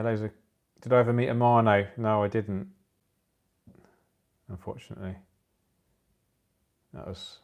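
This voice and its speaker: A man in his forties hosts a relaxed livestream from his phone, his low voice thick with gravel. He sounds tired and keeps cracking jokes and laughing at them while he chats with viewers. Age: 40s. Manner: jokey, chatty, laughs at his own jokes. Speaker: aquascaping channel host. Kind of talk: casual livestream chat with viewers. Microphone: phone used for the livestream.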